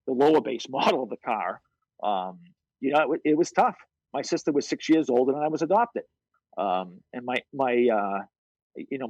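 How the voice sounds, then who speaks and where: A man, a podcast guest telling stories from his life in a blunt, animated, profane way over a video call. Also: mid-range voice, no room sound, low-quality recording. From North Shore of Boston, USA. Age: 50s. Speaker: podcast guest, fitness coach. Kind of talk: casual storytelling chat.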